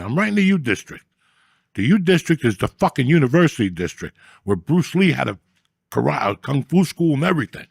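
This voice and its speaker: A comedian guest telling a rambling, profane story in a streetwise, casual way. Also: male voice, medium pitch, vocal fry, dry recording, clean studio sound. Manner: rambling, streetwise, swears often.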